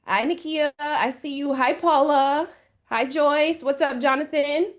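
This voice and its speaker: A woman's voice: sits high, unhurried. A woman from Jamaica teaching an online trading class over a video call, upbeat and encouraging, greeting attendees by name. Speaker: trading coach.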